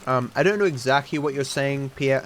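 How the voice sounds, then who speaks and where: A man's voice: mid-range voice, brisk, a little hiss or hum. Chatty male game streamer. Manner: chatty, rambling, reacting to chat. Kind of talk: casual livestream chat while gaming.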